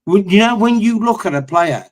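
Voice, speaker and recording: Blunt man in his sixties, a bit high. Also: lively intonation, moderate pace. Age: 60s. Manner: blunt, rambling, scornful. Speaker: co-host. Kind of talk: casual football chat.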